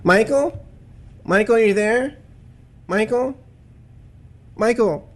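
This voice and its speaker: A man's voice: high-pitched, slow pace. A man playing a naive, overexcited radio host who stammers and gushes in a satirical radio sitcom. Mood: chatty. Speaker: show host.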